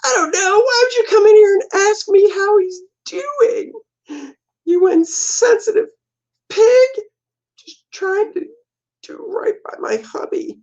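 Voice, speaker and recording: Man doing a high-pitched falsetto, weepy wife, whiny, lo-fi recording. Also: takes it slowly, long pauses, darkish tone, heavily acted. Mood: tearful, indignant. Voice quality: shrill falsetto. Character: upset grieving wife, shrill and tearful.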